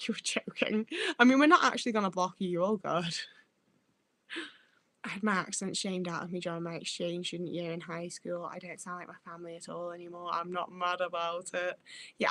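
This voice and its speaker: A woman's voice: fairly low pitch, fairly even intonation, a little fast, sharp tone, no echo. A young woman with a northern English accent chatting casually on a livestream, laughing often and swearing freely. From Stoke-on-Trent, England. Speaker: livestreamer reading chat. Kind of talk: casual chat.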